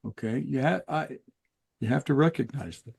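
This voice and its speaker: An older man, a guest author in an interview, explaining in an earnest, measured way with pauses. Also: mid-range voice, vocal fry, darkish tone, husky. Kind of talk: interview conversation.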